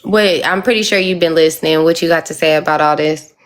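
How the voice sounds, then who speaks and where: A woman's voice: low voice, a little fast. A woman hosting a live stream, chatting casually with short prompts and teasing asides. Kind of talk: casual chat.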